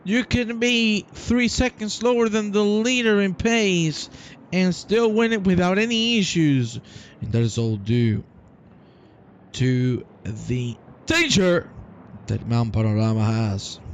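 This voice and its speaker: A man giving live sim racing commentary, teasing and cheering the drivers on in an excited, hyped way. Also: high-pitched, slow pace, a little hiss or hum.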